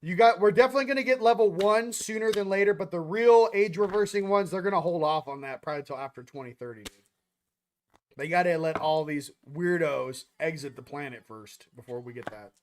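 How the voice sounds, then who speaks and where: A man with a fairly high voice hosts a casual chat, drifting from topic to topic. He talks in a loose, slangy way, throwing in asides. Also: brisk, a little hiss or hum. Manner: rambling, slangy, jumps between topics. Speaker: host. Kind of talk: casual spiritual livestream chat.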